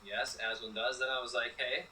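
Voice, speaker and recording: A man co-hosting a podcast, talking in a laid-back casual way with short deadpan asides. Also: mid-range voice, normal speed, slightly rough. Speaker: podcast co-host. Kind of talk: casual chat.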